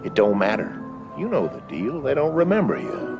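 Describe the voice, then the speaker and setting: An actor playing a gruff, mysterious man who holds a dog to his deeds, speaking in rough grammar. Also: lowish voice, huge pitch swings, normal speed, music in the background, heavily acted. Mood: stern. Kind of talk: TV sitcom acting.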